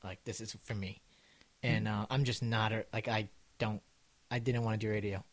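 A man's voice: lowish voice, level tone, normal speed. A man in his twenties, a guest on a podcast, telling loose, profane stories and acting out what people said. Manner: loose storytelling, swears freely, acts out quotes. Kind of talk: casual podcast chat.

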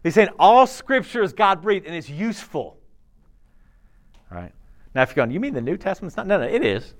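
A man preaching to teenagers in a chatty, animated way, often checking in with "okay?" and acting out quoted voices. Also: high voice, brisk. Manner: acts out quoted voices and laughs along. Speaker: youth pastor. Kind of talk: sermon.

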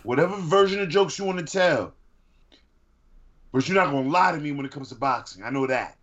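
A man co-hosting a podcast in casual chat, animated and argumentative, at times bursting into shouts. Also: on the high side, a little fast, highs cut off. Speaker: podcast co-host.

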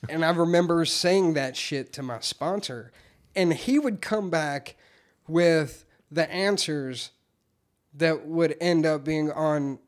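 A man telling his recovery story in casual, candid talk, swearing freely and getting animated when he quotes himself. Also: fairly high pitch, slow pace.

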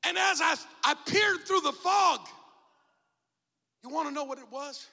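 Brief: male preacher, bright voice with gravelly edges, dramatic storytelling sermon, big reverb. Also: very high voice, unhurried. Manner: dramatic, shouts out key phrases. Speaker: bishop preaching. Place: church sanctuary. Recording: long church reverb.

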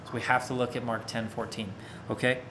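A man's voice: mid-range voice, flat delivery, fairly quick, noisy background. A man preaching a sermon in a casual, conversational way, often checking that his listeners follow along. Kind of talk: interactive sermon.

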